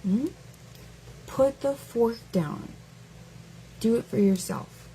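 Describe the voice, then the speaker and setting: A woman's voice: fairly high pitch, expressive, slow pace, mellow, a little hiss or hum, low-quality recording. A woman hosting a casual live stream who mocks her target with taunting rhetorical questions, stretching out words as she goes.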